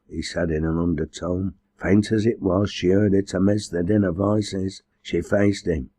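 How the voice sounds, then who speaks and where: A man reading a novel aloud as an audiobook narrator, in measured, even storytelling. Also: deep voice, dry recording. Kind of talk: scripted narration.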